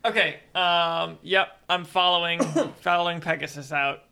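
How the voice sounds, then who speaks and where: A player in a tabletop game, chatting casually and making quick joking asides. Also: mid-range voice, steady tone, creaky, bright, forceful tone, clean tone.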